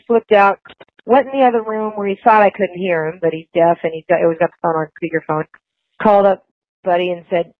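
A woman's voice: mid-range voice, fairly even intonation, a little fast, no room sound. A woman guest in a phone interview, talking in an emotional, rambling way with many restarts. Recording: tinny dry phone line.

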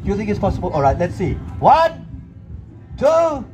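A man with a very high voice runs a comic children's show. He bosses his volunteers around in playful, theatrical patter, and faint music plays under him. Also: sing-song, moderate pace, lo-fi sound. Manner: bossy, theatrical showman banter. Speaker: children's entertainer. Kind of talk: comic audience-participation patter. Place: outdoor festival stage.

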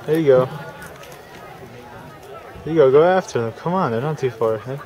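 A man in the stands at an outdoor track meet, cheering and commenting on a race, excitable and quick to swear, filmed on a handheld camera. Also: mid-range voice, lo-fi sound. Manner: excitable, yells encouragement, swears. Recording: outdoor crowd and wind noise. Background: cheering crowd.

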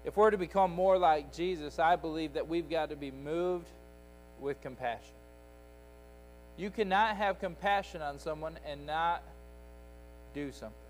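A man's voice: a little high, poor audio. A man teaching Sunday school in a church, preaching with an emphatic, repetitive cadence. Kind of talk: sermon. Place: church sanctuary.

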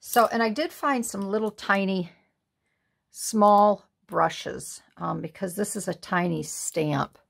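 A woman's voice: medium pitch, takes it slowly, gravelly. A woman hosting a card-making tutorial, thinking aloud in a casual, musing way as she works. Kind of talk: casual crafting tutorial talk.

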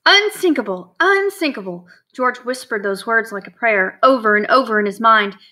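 A woman narrating a storybook in a clear, steady reading voice. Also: on the high side, moderate pace. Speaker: audiobook narrator.

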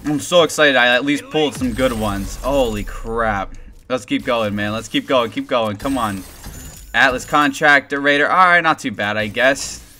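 A young man giving excited, rambling gameplay commentary as a gaming video host. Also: medium pitch, normal speed, a little hiss or hum. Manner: hyped, rambling, shouts and laughs at rare drops. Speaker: gaming YouTuber.

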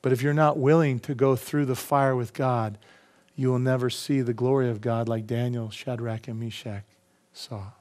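A man's voice: mid-range voice, steady tone, normal speed, a little mellow. A middle-aged man preaching a sermon as pastor, impassioned, often asking the congregation questions.

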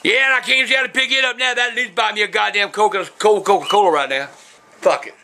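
An older man with a drawl hollers a profane rant, his voice pitched unusually high and gravelly with fry. The tone is sharp and forceful, full of shouted curses. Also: fairly quick, a little hiss or hum. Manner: loud, profane, shouting and cursing. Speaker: grandfather ranting on camera. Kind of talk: casual home video rant.

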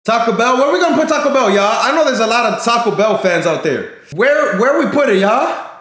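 A man's voice: very high-pitched, animated, a little fast, fairly bright tone, echoey room. A man live streaming in casual chat, slangy and talking straight to his viewers, often repeating himself.

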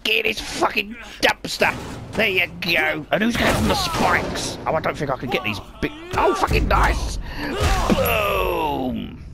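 A man giving profane, excitable commentary while playing a video game, muttering to himself. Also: sits high, normal speed, over loud music. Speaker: gamer. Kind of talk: profane let's play commentary.

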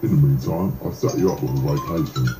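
An actor voicing a dry spy handler in a video game, giving a quick, matter-of-fact briefing. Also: male voice, very deep voice, reverberant. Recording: distant game audio over loud music.

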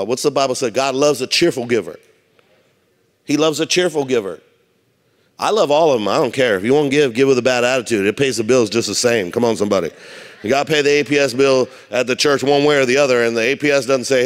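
A man preaching from the pulpit, his voice sitting at an ordinary middle pitch. He tells lively stories and slips into the voices of the people he quotes. The sound carries a long reverb from a church sanctuary. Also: brisk. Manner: animated storytelling, acts out quoted voices. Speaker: pastor. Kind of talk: sermon.

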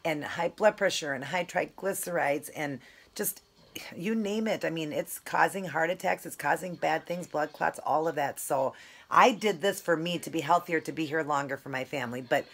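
Low-voiced chatty woman vlogger. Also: normal speed, slightly rough. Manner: chatty, rambling, affectionate. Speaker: keto food vlogger. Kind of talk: casual vlog chat while eating.

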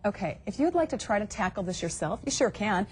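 A woman's voice: medium pitch, big pitch swings, fast talker, a little hiss or hum. A woman hosting a daytime TV segment, upbeat and asking questions to follow along. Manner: upbeat, asks clarifying questions. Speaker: TV show host.

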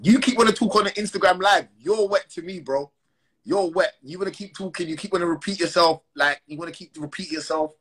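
A man's voice: high-pitched, fast talker, fairly bright tone, slightly rough. A man ranting on a phone livestream, heated and slangy, repeating his call-outs. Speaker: Instagram live streamer. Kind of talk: confrontational live-stream rant.

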